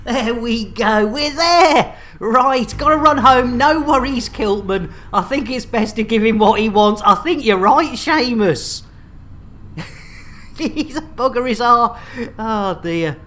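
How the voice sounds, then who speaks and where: Slow, bawdy woman streamer. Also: on the high side, expressive, fairly bright tone, a little hiss or hum. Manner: bawdy, jokey banter. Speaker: game streamer host. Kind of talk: casual game-stream chat.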